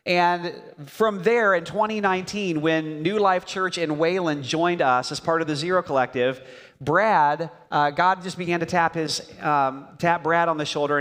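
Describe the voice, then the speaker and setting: Male pastor, church intro, somewhat high voice, long hall reverb. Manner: warm-hearted, rambling with fillers. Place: church sanctuary.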